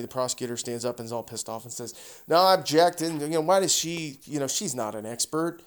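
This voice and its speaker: A middle-aged man hosting a podcast, explaining a topic in a casual, conversational lecture style with restarts and lively retellings. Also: fairly high pitch. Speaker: podcast host.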